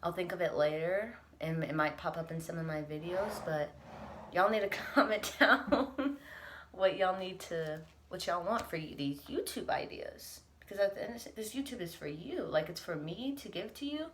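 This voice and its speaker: Young female vlogger, lowish voice, earnest confessional talk, near tears. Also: animated, normal speed, a little hiss or hum. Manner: earnest, reflective, laughs through emotion. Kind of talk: candid confessional vlog.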